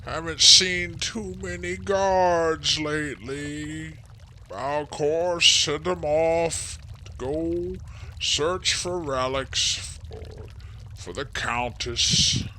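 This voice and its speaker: A man's voice: a little high, drawn-out words, pushed and bright, a little hiss or hum, pitched above the performer's own voice, exaggerated voice. A man voicing an aged, blind male cloud giant with a shaky voice who rambles fondly and struggles to hear. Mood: rambling. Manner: rambling, doting, hard of hearing.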